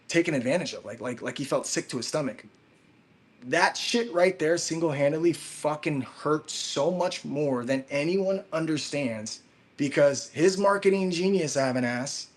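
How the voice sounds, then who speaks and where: A man hosting a crypto livestream, telling a story in a casual, profane, slangy way. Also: medium pitch.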